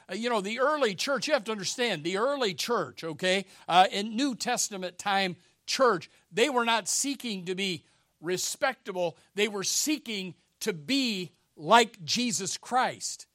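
A man with a notably high voice preaches a sermon with urgent, repetitive emphasis. He drops into softer, chatty asides full of restarts before building back up. The sound is close and dry, with no room around it. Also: animated, moderate pace, no echo. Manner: emphatic and repetitive, swinging between loud urgency and quiet asides; many fillers and restarts, conversational preaching. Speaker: pastor.

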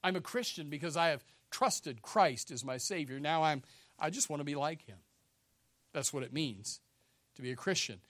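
A man with a notably high voice preaches a sermon with urgent, repetitive emphasis. He drops into softer, chatty asides full of restarts before building back up. The sound is close and dry, with no room around it. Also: expressive, moderate pace, no echo. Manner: emphatic and repetitive, swinging between loud urgency and quiet asides; many fillers and restarts, conversational preaching. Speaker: pastor.

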